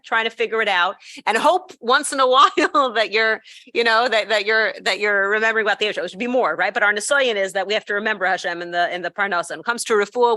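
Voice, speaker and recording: A woman speaking at an educators' gathering, telling a story in a conversational teaching style with quick asides and self-corrections. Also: medium pitch, sharp tone, no echo.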